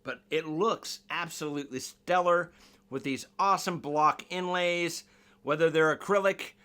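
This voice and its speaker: A man with a fairly high, bright, forceful voice, chatting loosely through a guitar unboxing. He rambles, corrects himself and jokes at his own expense, keeping the tone easygoing. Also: a little slow, smooth. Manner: rambling, self-deprecating, jokey. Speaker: guitar reviewer. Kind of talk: casual unboxing review.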